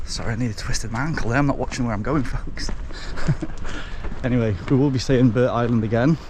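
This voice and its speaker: A man's voice: mid-range voice, fairly quick, darkish tone. Chatty man vlogging outdoors. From Wales. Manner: chatty, keeps addressing viewers as folks. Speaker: travel vlogger. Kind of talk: casual walking vlog. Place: outdoors on coastal paths and village lanes. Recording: outdoor camera audio with clear background noise.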